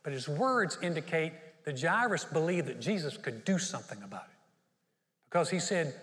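A male pastor preaches in a lively, storytelling way, slipping into the voices of the people in his story. His voice sits a little high and rings with the long reverb of a large hall. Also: moderate pace. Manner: storytelling, acts out the Bible characters. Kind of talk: sermon.

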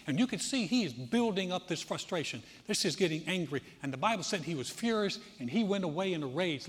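A pastor preaches with animated storytelling, slipping into the voices of the people in his stories. His voice sits a little high for a man, and a long reverb trails each phrase through the hall. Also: brisk, few pauses, breathy edge. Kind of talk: sermon.

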